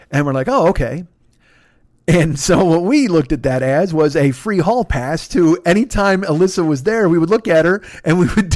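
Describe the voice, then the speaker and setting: A man in his 50s hosts a comedy podcast, delivering a profane, rambling, self-mocking story full of restarts. His voice is fairly high and a little mellow, recorded at studio quality with no echo.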